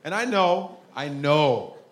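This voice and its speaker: A man's voice: on the high side, lively intonation, takes it slowly. A man from the United States doing crude stand-up comedy, laughing through his lines. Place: comedy club. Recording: echoey club with crowd laughter and noise.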